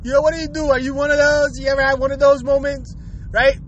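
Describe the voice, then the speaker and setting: A young man with a strikingly high voice talks straight to his viewers in a loose, crude, rambling rant. His speech is thick with slang, and he keeps breaking into chuckles. A faint noise sits under the recording. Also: little pitch movement, fast, low-quality recording. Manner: slangy street talk. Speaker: vlogger.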